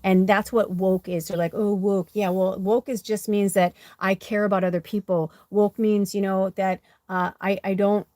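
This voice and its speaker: A woman's voice: medium pitch, level tone, moderate pace, few pauses, a little mellow, no room sound. A woman, a spiritual medium, giving a candid personal monologue during a card reading. She talks bluntly with plenty of swearing and fillers, and repeats phrases for emphasis. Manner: blunt and profane, with frequent "like" and "you know".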